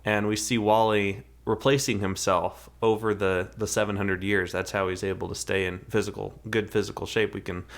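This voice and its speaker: A man's voice: on the low side, little pitch movement, moderate pace, creaky, few pauses. A man co-hosting a podcast, chatting casually and rambling through a movie review, often restarting his sentences. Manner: rambling, restarts, acts out characters' lines. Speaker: podcast co-host.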